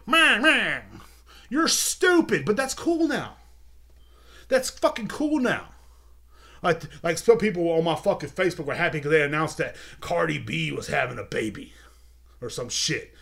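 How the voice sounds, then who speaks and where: A man's voice: high voice, very animated, unhurried, creaky, a bit bright. A young man hosting a podcast, ranting heatedly and repeating himself with constant swearing. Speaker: podcast host. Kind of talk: profane rant. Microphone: video podcast mic.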